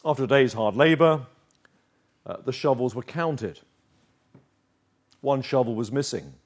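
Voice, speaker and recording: Slow, earnest preacher man. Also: mid-range voice, expressive. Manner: earnest, emphatic, slows down on key phrases. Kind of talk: sermon.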